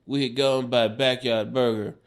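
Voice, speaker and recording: A man in his forties, a stand-up comedian, telling a wild road story on a podcast in an animated, profane way and laughing as he goes. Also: medium pitch, moderate pace, clean tone.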